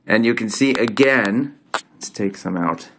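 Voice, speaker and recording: A man's voice: fairly low pitch, unhurried, heavy background noise. Man rambling in a put-on accent. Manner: loose, rambling, self-interrupting delivery. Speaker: video host. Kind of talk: casual explainer, showing coins to the camera.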